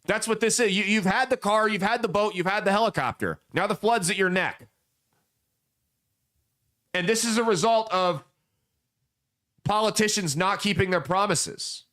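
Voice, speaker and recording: A young adult man with a fairly high voice delivers casual political commentary as a podcast host. He spins folksy parables and drives his points home with blunt, emphatic repetition. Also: normal speed, pauses often, a bit bright.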